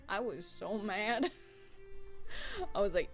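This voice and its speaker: A young woman talks casually from her desk while she works on a craft, chatty and playful, swearing often. Her voice sits at a middle pitch. Soft music plays faintly behind her. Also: big pitch swings, slow, creaky, long pauses. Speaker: streamer. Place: home desk.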